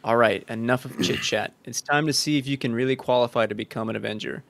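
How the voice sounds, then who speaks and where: A man reading the lines of a brash, impatient billionaire hero in a brisk, commanding way. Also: mid-range voice, gravelly, fairly bright tone, voice pushed down.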